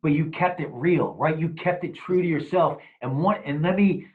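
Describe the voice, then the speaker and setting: A man's voice: a little high, moderate pace. A man hosting an interview, steering the talk with blunt, profane remarks. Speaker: podcast host. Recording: tinny phone-like sound.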